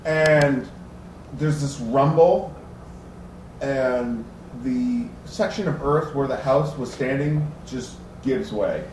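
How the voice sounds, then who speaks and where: A man's voice: mid-range voice, takes it slowly, a little mellow. A man narrating as game master of a tabletop game, rambling with many fillers. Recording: roomy, distant, faint noise.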